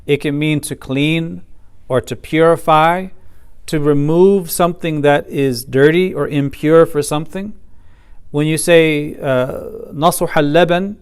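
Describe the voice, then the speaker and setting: Man lecturing with a clear, smooth voice. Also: on the high side, fairly even intonation, measured pace. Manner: methodical, stresses points and recites Arabic phrases. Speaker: teacher of a Quran commentary class. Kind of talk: explanatory class lecture.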